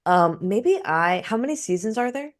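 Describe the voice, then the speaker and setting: A woman's voice: mid-range voice, animated, moderate pace. A woman co-hosting a casual podcast, teasing her friend in a dry way. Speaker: podcast co-host. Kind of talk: casual chat.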